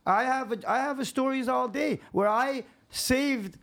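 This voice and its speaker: A man's voice: very high voice, a little slow, vocal fry, a bit bright. A man, a contractor and podcast guest, talking in casual chat with a profane, emphatic, preachy manner.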